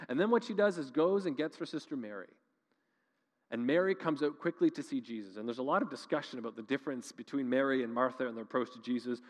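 A man's voice: medium pitch, long reverb tail. A man preaching a sermon as pastor, earnest and conversational, building to emphatic rises.

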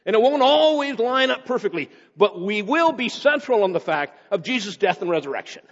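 A male pastor preaching a sermon, swinging between raised emphasis and quick, low asides. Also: very animated, fairly bright tone. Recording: dull sound with long hall reverb.

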